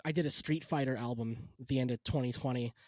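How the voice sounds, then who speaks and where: A man's voice: medium pitch, fast, no room sound, studio quality. A man from California, a guest musician in a casual podcast chat, rambling and joking with plenty of swearing. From Lodi, California. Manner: rambling, joking, swears, slips into goofy voices.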